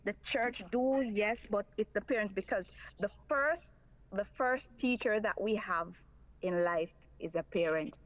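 A woman's voice: mid-range voice, unhurried. Earnest woman on a muffled line. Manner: earnest, repeats her points. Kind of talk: talk radio call-in.

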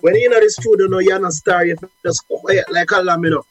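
High-voiced Jamaican man telling stories. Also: fast talker, slightly rough, highs cut off, soft background music. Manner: animated, acts out quoted voices. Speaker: guest, reggae deejay. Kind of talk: storytelling interview.

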